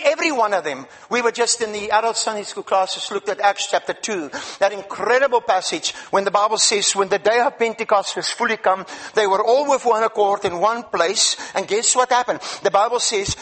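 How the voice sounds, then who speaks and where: A man's voice: sits high, fairly bright tone. A man from Africa preaching a sermon as a guest speaker, emphatic, asking the congregation questions and repeating words.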